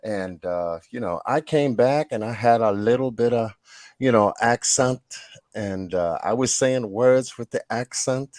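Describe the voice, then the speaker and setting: A man's voice: mid-range voice, unhurried, a little mellow, dry recording, studio quality. A man hosting a casual live-stream chat, rambling through stories with lots of fillers and laughs. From New York. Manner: rambling storyteller, laughs often, many fillers. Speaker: host.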